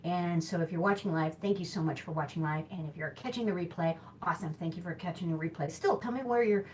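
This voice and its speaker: A woman with a Midwestern accent hosts a live stream with a slightly low voice. She talks in a loose, rambling way and keeps correcting herself mid-sentence. A faint background hiss sits under her voice. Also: quick pace, a little mellow. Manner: chatty, rambling, self-correcting. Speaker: host of a live hula hooping show. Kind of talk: casual live-stream chat.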